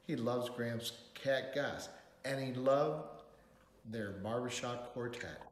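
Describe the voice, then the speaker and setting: A man reading a picture book aloud in an expressive, lilting way. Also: medium pitch, slow pace, slight background noise. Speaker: storyteller. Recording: roomy hall reverb.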